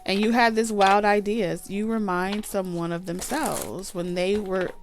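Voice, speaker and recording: A woman's voice: medium pitch, steady tone, measured pace, a little hiss or hum. A woman giving a casual tarot reading, chatty, blunt and profane. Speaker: tarot reader.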